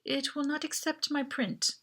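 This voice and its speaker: A woman voicing a polite, formal boy who speaks in a measured, quiet way. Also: high-pitched, flat delivery, voice pushed up. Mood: calm.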